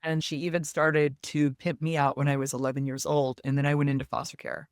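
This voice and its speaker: A woman's voice: low-pitched, brisk, no room sound, studio quality. A woman guest in an interview, earnestly telling a personal story and acting out the quoted voices of others. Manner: earnest, animated retelling with quoted dialogue.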